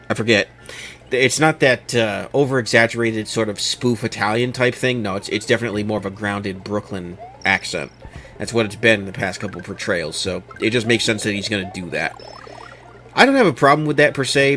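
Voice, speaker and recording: A man hosting a casual commentary show, giving opinionated, animated takes and mocking other people in quoted voices. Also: fairly low pitch, a little hiss or hum.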